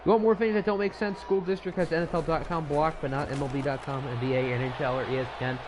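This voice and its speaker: A man's voice: fairly high pitch, fairly even intonation, fast, background noise. A man casually commentating a video game football league on a live stream, rambling into chatty asides between plays.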